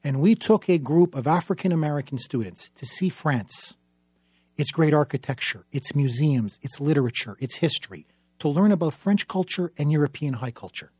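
Man, public speech, emphatic and dramatic, raspy voice, dry sound. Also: fairly high pitch, lively intonation, moderate pace, no room sound. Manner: emphatic, dramatic, building to forceful peaks. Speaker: newspaper columnist and journalist. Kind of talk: impassioned public speech telling a story.

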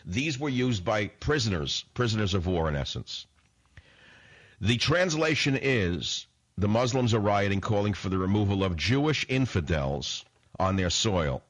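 A man rants through a political radio monologue with a low, heavy voice. He is sarcastic and combative, and he keeps challenging his listeners with rhetorical questions. He talks into a close studio microphone. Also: sing-song, a little slow. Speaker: radio talk show host.

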